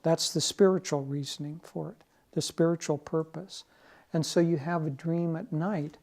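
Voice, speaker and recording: A man's voice: fairly high pitch, steady tone, normal speed, a little mellow. A man as spiritual teacher giving a conversational, lightly humorous talk.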